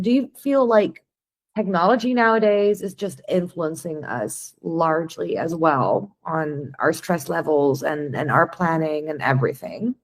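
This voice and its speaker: A woman's voice: mid-range voice, darkish tone. A woman hosting a podcast interview. She asks curious, thoughtful questions in a casual way and sometimes restarts her sentences. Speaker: podcast host.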